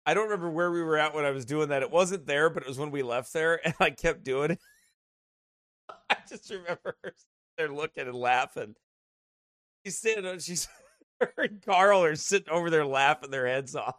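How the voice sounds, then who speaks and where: A man from the United States, a pastor telling stories in casual chat before leading a Bible study, animated and laughing as he talks. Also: on the high side, moderate pace, no room sound, clean studio sound.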